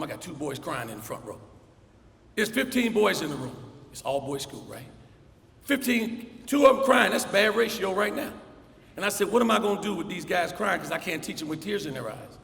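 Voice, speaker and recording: Energetic man speaking in an echoey hall. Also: fairly high pitch, gravelly. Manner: storytelling with energetic acted-out dialogue. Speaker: commencement speaker. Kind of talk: motivational commencement speech. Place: large hall. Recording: echoey hall, faint ambience.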